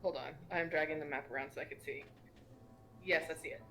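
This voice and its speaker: A woman's voice: sits low, fairly even intonation, a little fast, fairly bright tone, faint music behind, rough recording. A woman playing in a tabletop game, rambling with many fillers and giggling often. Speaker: player. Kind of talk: casual tabletop play.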